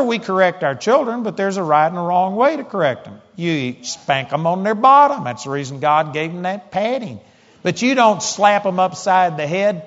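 A man preaching a sermon, telling a story in an emphatic, conversational way. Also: high voice. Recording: dull audio in a large hall with long reverb.

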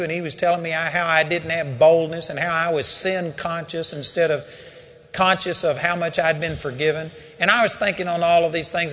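A man's voice: on the high side, fairly bright tone. An older man preaching a sermon, telling a personal story and building to emphatic calls to his listeners. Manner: storytelling, rising to emphatic exhortation.

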